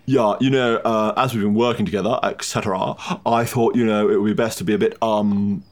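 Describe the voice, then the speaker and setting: Man doing a low, drawling posh lord. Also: steady tone, a little fast, close to an everyday voice. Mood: smug. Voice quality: hesitant, rambling, many fillers. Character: posh drawling young English lord, smug.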